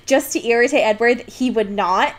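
A woman's voice: fairly high pitch, moderate pace. A woman co-hosting a casual podcast, recapping a book with lots of laughs and fillers. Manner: giggly, animated, lots of fillers. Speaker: podcast co-host.

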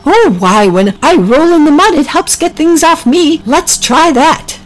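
A woman's voice: sits high, animated, unhurried, voice pushed up. A woman voicing an eager male pig.

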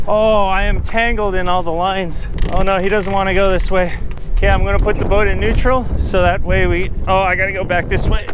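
A fishing vlogger man with a somewhat high voice talks casually into a camera mic outdoors, first from a small boat and later from his dock. He gets excitable and loud on the water, then turns calm and chatty while cooking. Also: unhurried, background noise. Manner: excitable, yells and laughs when a fish bites. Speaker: fishing channel host. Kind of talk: casual vlog narration. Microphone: camera mic, later with a wind cover.

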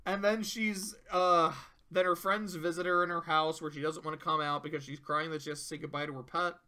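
Guy hyping up cartoon episodes, high bright voice, swears a lot, keeps doing the characters. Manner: animated, profane, acts out lines in quick put-on voices. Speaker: show reviewer. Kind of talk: casual tier-list commentary.

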